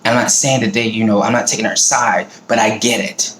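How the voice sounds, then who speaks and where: A man's voice: lowish voice, fairly even intonation, fairly quick, fairly bright tone. A middle-aged man from the American South talking in a blunt, profane, fired-up casual monologue. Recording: roomy echo, faint background noise.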